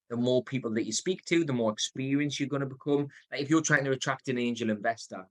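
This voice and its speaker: A man in his thirties with a Geordie accent, giving a motivational sales coaching talk, stressing words, pausing on purpose and shifting his pace. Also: medium pitch, bright, forceful tone. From North East England. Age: 30s. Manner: varies tone and pace, deliberate pauses, emphatic.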